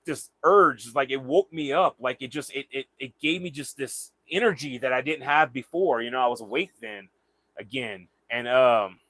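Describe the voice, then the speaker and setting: Guy, young, loose halting storyteller, dry close sound, mid-pitched. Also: a bit bright, no room sound. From Southern United States. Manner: rambling, halting with repeated words. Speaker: vlogger. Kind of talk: casual storytelling.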